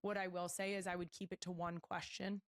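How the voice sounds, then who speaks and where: A woman hosting a podcast, giving calm, matter-of-fact advice. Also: lowish voice, a little fast, no room sound, clean studio sound. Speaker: podcast host.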